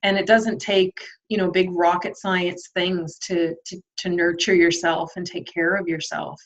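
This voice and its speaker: Low-voiced woman guest, dull recording. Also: level tone, measured pace. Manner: reflective, many ums and likes. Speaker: guest, nurse. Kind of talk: conversational interview. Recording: dull lo-fi sound.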